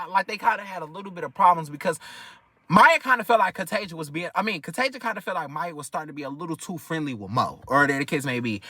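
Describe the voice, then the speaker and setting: A young man from Detroit with a Detroit accent, telling a personal story in an animated, profane way with many filler phrases. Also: fairly high pitch. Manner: animated, profane, keeps repeating "whatever the case may be". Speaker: vlogger. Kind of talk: casual storytime.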